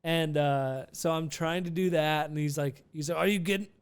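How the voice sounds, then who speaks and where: A man's voice: on the high side, fairly even intonation, moderate pace, clean tone. Man telling a rambling story. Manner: rambling, with many restarts and profanity. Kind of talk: casual storytelling vlog.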